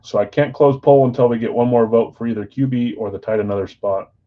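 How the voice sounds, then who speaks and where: A fast-talking man with a medium-pitched voice hosts a live sports card break stream, chatting casually, counting down excitedly and reading viewers' comments aloud. The stream audio is lo-fi and slightly dull.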